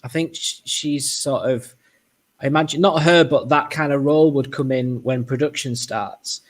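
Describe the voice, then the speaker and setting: Man, mid-pitched voice, thoughtful and explanatory, co-host on a fan chat; brief: steady, measured talker. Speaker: podcast co-host. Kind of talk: casual chat.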